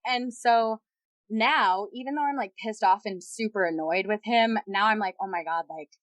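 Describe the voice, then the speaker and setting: A woman's voice: medium pitch, moderate pace, dry recording. A young woman guest on a podcast, candidly retelling a personal story with lots of quoted dialogue.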